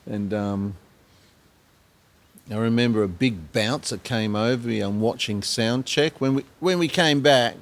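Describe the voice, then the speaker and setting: An Australian man, a singer-songwriter guest, telling rambling anecdotes with many pauses and acted-out quotes. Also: medium pitch. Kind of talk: storytelling in a podcast interview.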